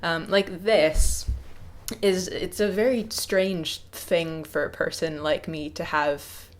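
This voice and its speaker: Low-voiced hesitant young woman. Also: steady tone, slow pace. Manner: hesitant, many ums and restarts, reflective. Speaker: YouTuber. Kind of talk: casual unscripted talk to camera.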